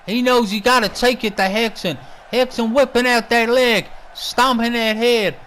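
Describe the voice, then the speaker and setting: A man's voice: very high voice, steady tone, normal speed, a bit bright, a little hiss or hum. A man calling a wrestling match as commentator, brash and trash-talking, swearing freely. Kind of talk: profane play-by-play commentary.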